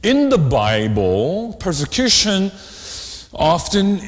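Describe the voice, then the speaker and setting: A man preaching a sermon as pastor, animated, often asking the congregation questions. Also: fairly high pitch, slow pace. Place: church sanctuary. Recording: long hall reverb.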